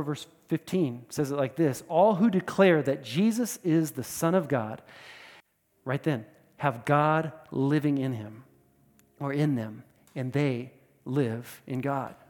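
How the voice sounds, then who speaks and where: A man preaching a sermon with emphatic delivery, repeating words and swinging between loud and soft. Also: on the high side, long reverb tail. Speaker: pastor.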